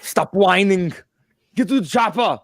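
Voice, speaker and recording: A man plays a barking action-movie strongman, shouting clipped orders at a measured pace. His voice is high, pitched above his own natural voice, and the studio recording is clean with no room sound.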